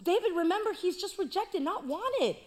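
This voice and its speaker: A woman's voice: extremely high pitch, expressive, normal speed, pitched above the performer's own voice. A woman voicing irritated older brothers who brush off their younger sibling. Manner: curt, scolding. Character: annoyed older brothers, dismissive young men.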